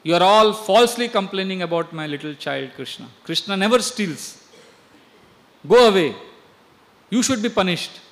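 A woman's voice: low-pitched, expressive, fairly quick, few pauses, fairly bright tone. A man voicing a doting village mother who defends her child and then scolds him. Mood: indignant. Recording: long hall reverb.

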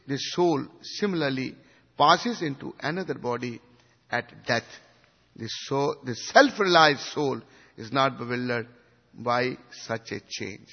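Husky man giving a devotional lecture. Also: medium pitch, normal speed. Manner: swings from hushed to emphatic, asks the audience questions. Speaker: spiritual teacher. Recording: dull recording in a reverberant hall.

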